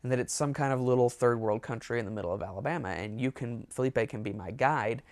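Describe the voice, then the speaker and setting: A man's voice: mid-range voice, quick pace, no room sound. A man telling a rambling, amused story in a casual storytime monologue. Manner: rambling, amused, with self-corrections. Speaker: storyteller, show host.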